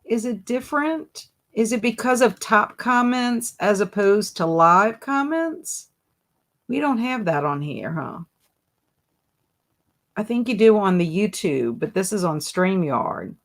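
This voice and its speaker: Slow-talking giggly woman hosting a live stream. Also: medium pitch, animated. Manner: giggly, reads chat comments aloud, laughing fits. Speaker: livestream host. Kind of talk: casual live-stream chat.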